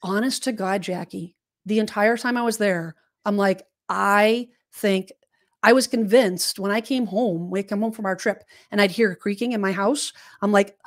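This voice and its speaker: A woman co-hosting a casual podcast, winding through a story with plenty of restarts and asides. Her voice sits at a middling pitch, and her conversational manner drifts loosely from one detail to the next. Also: normal speed. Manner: rambling, meandering storytelling with many restarts. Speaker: podcast co-host.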